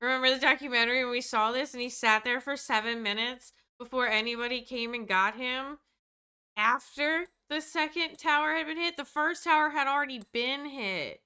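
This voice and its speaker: Woman streamer, sarcastic reaction chat, bright crisp voice, a bit high. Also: moderate pace. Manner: sarcastic, joking asides. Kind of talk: casual reaction commentary.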